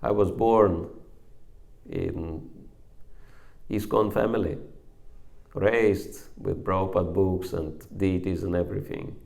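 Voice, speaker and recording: A man voicing a carefree, pleasure-seeking young man in a quoted exchange, raised and animated. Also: low voice, takes it slowly, creaky, long pauses, heavily acted. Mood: defiant.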